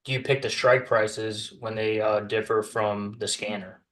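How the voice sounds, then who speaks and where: A man's voice: fairly low pitch, little pitch movement, measured pace, fairly bright tone, poor audio. Man relaying viewer questions offhand. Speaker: co-host reading viewer questions. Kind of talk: casual live-stream chat.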